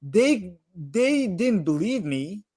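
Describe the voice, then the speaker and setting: A man's voice: sits high, slow pace, husky. A young man in his own voice, the guest on a live chat, telling stories animatedly and leaning heavily on "like" as a filler. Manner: animated, heavy use of "like" fillers. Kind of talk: casual storytelling in a live chat.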